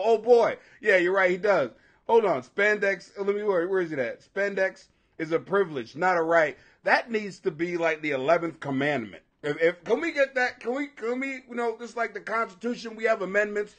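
A man in his forties hosting a live stream, ranting loudly and profanely, laughing as he reacts. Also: sits high. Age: 40s. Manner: profane, loud, laughing, animated. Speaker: livestream host. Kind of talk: casual ranting commentary.

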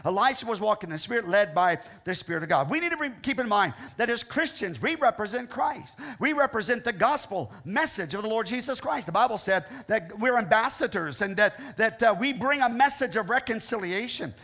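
A man with a Midwestern American accent delivers a sermon from the pulpit. His voice sits notably high for a man. He preaches earnestly, repeating lines for emphasis and checking in with his listeners. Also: lively intonation, brisk, hardly any pauses, bright, forceful tone. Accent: Ohio, American Midwest. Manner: earnest, repetitive preaching with frequent "okay?" check-ins. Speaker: pastor. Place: church sanctuary.

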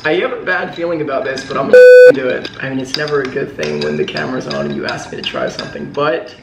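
A man's voice: medium pitch, huge pitch swings, fast. A man bantering warily and wryly as a friend tricks him on camera. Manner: wry and wary. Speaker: prank target. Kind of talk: casual banter. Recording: echoey room with clattering dishes.

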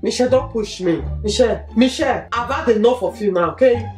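A woman's voice: a little high, a little fast, a little mellow. A middle-aged woman, scolding her daughter in a casual family argument, repeating her questions. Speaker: mother in a family prank vlog. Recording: echoey room with background music.

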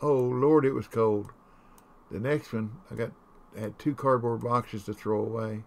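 Guy streaming a game, mid pitched voice, folksy rambly storytelling. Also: fairly even intonation, unhurried, gravelly. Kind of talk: casual chat while gaming.

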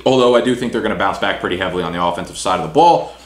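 A young man breaking down fantasy football rankings in a casual, talky way, full of "you know" and "right". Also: sits low. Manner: fast casual delivery with fillers like "you know". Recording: echoey room.

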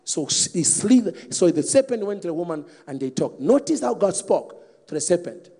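A man with a high, husky voice preaches a lively sermon and keeps calling out to his listeners. His words ring through a large hall with a long reverb. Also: normal speed. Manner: animated, calls out to the congregation.

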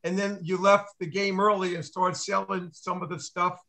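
An older man jokes and teases in casual talk, often stumbling and restarting his sentences. His voice is high for a man and sharply bright. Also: level tone, normal speed, creaky. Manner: teasing and jokey, restarts often. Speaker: guest. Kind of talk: casual chat.

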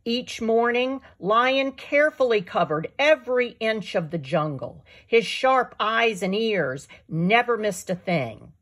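Author reading her kids' book aloud: slow, animated, breathy woman. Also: a little high. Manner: slow, expressive storytelling. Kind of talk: storybook read-aloud for young children.

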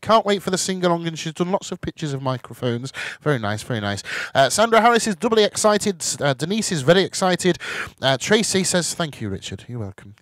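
A man's voice: high voice, a bit bright, no room sound. A man hosting a casual live chat show, reading out viewer messages in a chatty, self-deprecating way with jokey asides. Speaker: host.

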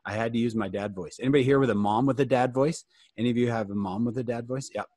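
Man, forties, animated, humorous, mid-range voice, dry room sound, speaking from home. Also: mid-range voice, quick pace, dry recording. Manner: animated, jokey, calls on listeners by name. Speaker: youth fireside speaker. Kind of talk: humorous storytelling talk to teens.

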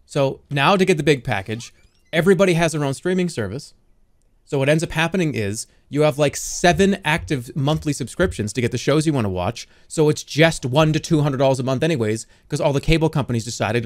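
A man in his thirties streaming a game live, talking in an animated, rambling and profane way. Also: fairly high pitch, a little fast. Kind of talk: live gameplay commentary.

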